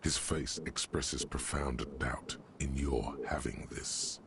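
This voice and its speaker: An omniscient, wry inner voice narrating a detective game. The voice sits extremely low and crackles with gravel. Steady noise hums behind it. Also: male voice, takes it slowly, heavily acted. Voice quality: deep and gravelly. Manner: grandiose, wry second-person narration. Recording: game audio with noticeable background noise.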